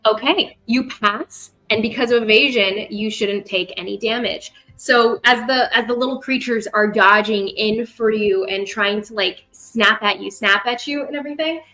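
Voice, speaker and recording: A woman with a fairly high voice runs a tabletop game as game master. She narrates in a rambling way, corrects herself as she goes and drops in playful sound effects, with faint music underneath. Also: moderate pace, hardly any pauses, sharp tone, low-quality recording.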